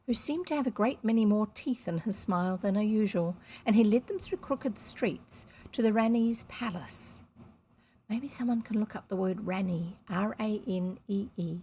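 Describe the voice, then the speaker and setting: A woman reads a classic children's novel aloud to camera, seated indoors. She stops often for chatty, self-deprecating asides, in a voice of middle pitch. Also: normal speed, darkish tone, breathy edge. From New Zealand. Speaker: audiobook reader on video.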